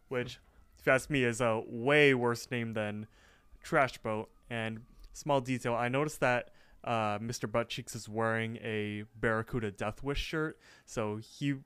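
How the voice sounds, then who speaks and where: A man's voice: mid-range voice, steady tone, measured pace, a bit bright, smooth, no room sound. A young man co-hosting a podcast from his apartment, easygoing and chuckling as he recaps a cartoon. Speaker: podcast co-host. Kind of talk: casual chat recapping a cartoon episode.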